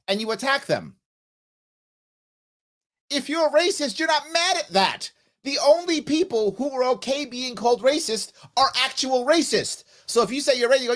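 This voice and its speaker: Animated American man on a rant. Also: extremely high pitch, moderate pace. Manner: animated, emphatic, acts out both sides of arguments. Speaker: political talk show host. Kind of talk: impassioned livestream monologue.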